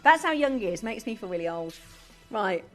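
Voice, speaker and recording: A woman's voice: medium pitch, expressive, a little fast, fairly bright tone, soft background music. A woman presenting on a live shopping channel in a chatty way, full of rhetorical questions. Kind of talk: live TV selling chat. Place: TV studio.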